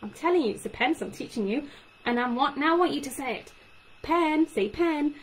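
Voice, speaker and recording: A young woman, a speech and language therapist explaining tips to parents in an animated way. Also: high voice, fast talker, husky, poor audio. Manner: animated, acts out child-directed phrases. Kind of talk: talk to parents. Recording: faint background noise.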